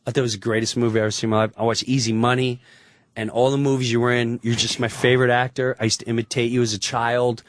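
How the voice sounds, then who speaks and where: A man, a guest comedian, telling an animated anecdote on a talk show, swearing freely and acting out the voices. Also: medium pitch, racing, no echo. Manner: excitable storyteller, swears freely, acts out voices.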